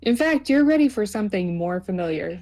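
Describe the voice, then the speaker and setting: A woman's voice: mid-range voice, lively intonation, a little fast, mellow. A woman hosting a visual novel playthrough, reading the text aloud in a giggly, rambling way. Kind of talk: casual gaming chat with narration.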